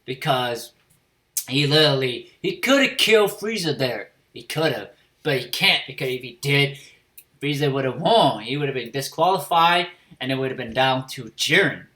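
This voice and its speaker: A man giving a casual spoken review of an anime episode, swearing freely and filling pauses with fillers and restarts. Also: medium pitch, expressive, bright, forceful tone.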